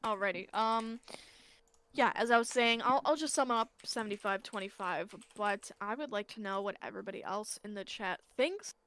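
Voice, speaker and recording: Woman esports caster, tired, chatty, mid-pitch, laughs between points. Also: normal speed, fairly bright tone. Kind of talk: live esports commentary.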